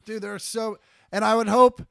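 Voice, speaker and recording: A man with a fairly high voice co-hosts a podcast, joking loosely and cursing freely as he reads out fan mail. His voice is close and dry with no room around it. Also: level tone, brisk, creaky, bright, forceful tone, clear, resonant tone, no room sound. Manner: jokey, loose and profane, reading listener mail aloud. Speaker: podcast co-host. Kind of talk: casual podcast chat.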